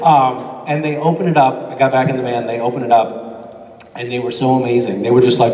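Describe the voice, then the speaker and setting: A man's voice: fairly high pitch, steady tone, moderate pace, dark tone, far from the mic. A man answering fan questions on a convention panel, rambling and self-deprecating, laughing often. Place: large convention hall. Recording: echoey convention hall, mic picked up from afar.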